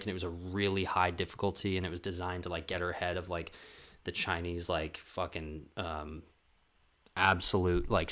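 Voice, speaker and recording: A man with a lowish voice rants alone on his comedy podcast. He talks in a loose, profane, rambling way and jumps from point to point. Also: sharp tone. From Canada. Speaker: podcast host. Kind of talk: comedic solo podcast rant.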